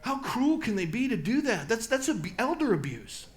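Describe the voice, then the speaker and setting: A middle-aged man, a pastor speaking in a church, talking emphatically and swinging between loud peaks and low, slow passages. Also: sing-song. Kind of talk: church talk and Q&A answer. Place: church hall.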